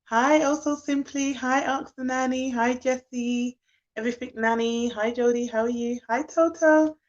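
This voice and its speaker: A nanny and childcare expert hosts a casual, sleepy live stream, chatting easily, greeting viewers by name, and laughing often. Her high-pitched voice is fairly even and moderately paced, picked up on a phone or laptop with dull lo-fi audio.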